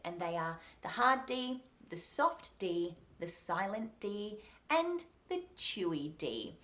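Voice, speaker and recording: A young adult woman with an Australian accent, coaching pronunciation to camera and slowing down to model each sound clearly. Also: medium pitch, fairly bright tone.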